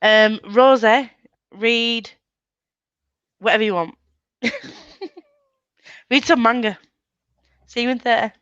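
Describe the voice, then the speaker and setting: A woman's voice: a little high, steady tone, slow, long pauses, a bit bright, smooth, no room sound, muffled recording. A woman hosting a casual reading sprint over a video call, chatting in a teasing, giggly way. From England. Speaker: booktube host. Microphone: computer mic on a video call.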